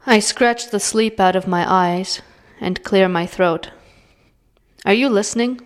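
A woman reading her own short story aloud in a measured, even way. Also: mid-range voice, clear, resonant tone.

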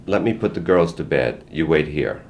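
A man voicing a firm, protective working mother who stays steady and calm, speaking gently to her children. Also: rumbling low, moderate pace, a little hiss or hum. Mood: gentle.

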